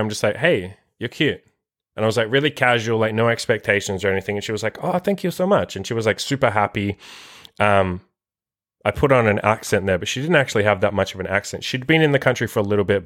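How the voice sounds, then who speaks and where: Low-voiced man swearing through a casual story. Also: fairly bright tone, dry recording, studio quality. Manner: crude and profane, heavy use of filler "like". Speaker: podcast host.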